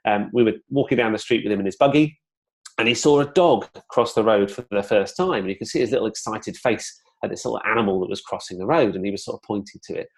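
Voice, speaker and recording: A man's voice: lowish voice, quick pace. Man presenting a webinar. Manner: conversational, relaxed, uses many fillers and asides.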